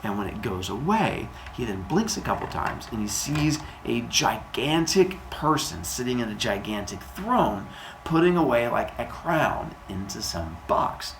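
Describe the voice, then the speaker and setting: Guy telling a myth on his podcast, real animated and goofy, faint hiss. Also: medium pitch, unhurried, creaky, roomy sound, low-quality recording. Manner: animated and jokey. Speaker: storyteller and podcast host. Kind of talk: casual myth storytelling.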